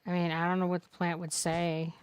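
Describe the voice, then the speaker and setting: A woman's voice: fairly low pitch, monotone, brisk, clear, resonant tone. A woman streamer chatting through a farming game, rambling and joking with plenty of swearing. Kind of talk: casual gameplay commentary.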